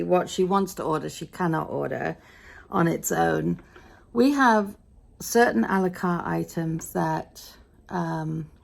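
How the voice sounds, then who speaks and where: A middle-aged woman with a British accent tells the story of her day in a chatty, grumbling vlog. Her voice sits low and carries a gravelly, creaky edge. She sounds tired and a little frustrated, with wry asides. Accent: British English. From Britain. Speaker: vlogger. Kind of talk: casual day-in-the-life vlog chat.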